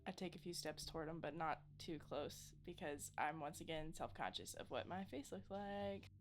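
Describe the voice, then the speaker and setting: A woman player describing her character's actions in a tabletop game, slow and thoughtful. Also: low-pitched, soft background music. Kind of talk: tabletop play.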